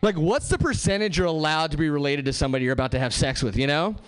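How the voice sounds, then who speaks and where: A man doing a stand-up set on a club stage, talking to the crowd with lively asides and quick character voices. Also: a little high, clean tone. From Southern California. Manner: animated, bouncing between voices and asides to the crowd. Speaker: stand-up comedian.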